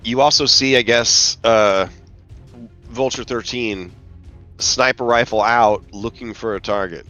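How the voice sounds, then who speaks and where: A man's voice: medium pitch, fairly even intonation, a little slow, pushed and bright, dull audio, faint music behind. A man narrating as game master of a tabletop game, rambling casually with lots of fillers.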